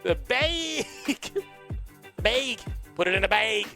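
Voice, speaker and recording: Brief: a man playing an excitable puppet morning show host, giggly and playful, high and animated. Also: normal speed, faint music behind, exaggerated voice. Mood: silly. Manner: playful, giggly, wordplay-loving. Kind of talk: casual live-stream chat.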